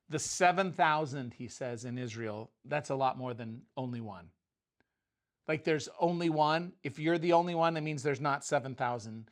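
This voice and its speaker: A man's voice: on the high side, normal speed. A middle-aged man giving a casual, conversational sermon, retelling scripture loosely with frequent restarts. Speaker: preacher.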